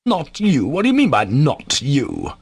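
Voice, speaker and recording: A man voicing a bitter, sardonic young man in an audiobook, sharp and contemptuous in tone. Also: mid-range voice, lively intonation, brisk, dry recording, pitched above the performer's own voice, lightly acted. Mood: fierce. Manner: sharp, contemptuous, scornful delivery. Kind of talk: audiobook character voice.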